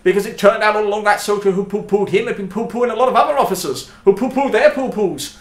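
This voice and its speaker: A man playing a blustering, pompous old British general with a booming delivery. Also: quick pace, natural voice. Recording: roomy echo.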